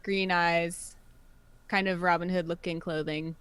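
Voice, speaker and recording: A woman's voice: lowish voice, level tone, a little slow, fairly bright tone, clean tone. A woman describing her tabletop character in casual chat, hesitant and full of fillers. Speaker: player.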